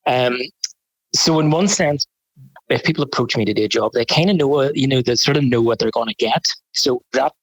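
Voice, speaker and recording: A Northern Irish man, a photographer guest, chatting casually in a rambling, animated way with frequent restarts. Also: mid-range voice, a little fast, breathy edge, no room sound, low-quality recording. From Northern Ireland. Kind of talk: casual interview chat.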